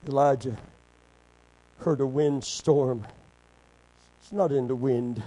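A man's voice: mid-range voice, steady tone, takes it slowly, warm tone, rough recording. A man preaching a sermon, fervent and full of call-and-response to his congregation.

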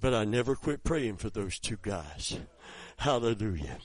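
A man preaching a sermon, telling a story softly and then rising into loud, high exclamations. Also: very animated, a little slow, no echo, low-quality recording.

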